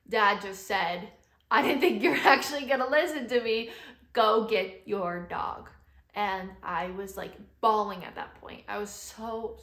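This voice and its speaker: A woman's voice: mid-range voice, fairly bright tone. A young adult woman vlogger telling a story in casual chat, with lots of "like" fillers. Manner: chatty, heavy use of "like" fillers. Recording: roomy echo.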